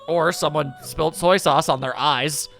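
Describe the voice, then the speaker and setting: A man voicing a prim, formal female attendant from a video game, in a lower, measured tone. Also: creaky, fairly bright tone, soft background music.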